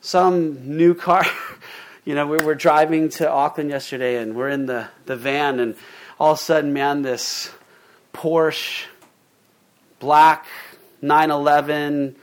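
A man's voice: on the high side, steady tone, slow, long pauses. A male pastor preaching a sermon in a conversational way, reading scripture and then retelling it in plain, casual words with fillers and restarts. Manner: reads scripture aloud, then paraphrases it informally.

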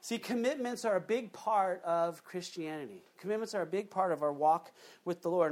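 A man preaching a sermon, telling a joke story with frequent asides to the congregation. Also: high voice. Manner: animated storytelling with asides to the audience. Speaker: pastor.

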